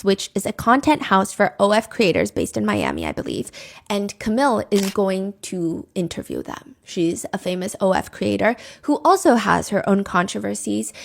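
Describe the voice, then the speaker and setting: A woman's voice: medium pitch, gravelly. A woman narrating a true crime story in a chatty, opinionated, casual storytime way. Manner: chatty, opinionated, acts out quotes.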